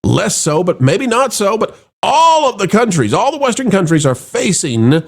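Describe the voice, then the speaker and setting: A man's voice: sing-song, moderate pace, vocal fry. A middle-aged man hosting an opinionated commentary show, talking in a sarcastic, mocking way. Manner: dramatic swings between high and low voice.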